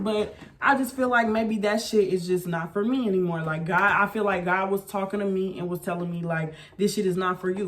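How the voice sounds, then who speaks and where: Woman, blunt profane storytime vlog, animated rant. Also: mid-range voice. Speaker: vlogger.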